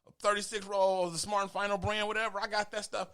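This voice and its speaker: A man hosting a podcast, telling a story in casual chat and acting out the quotes with lively pitch jumps. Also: quick pace, clean tone. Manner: animated, acts out quotes with rising pitch. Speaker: podcast host.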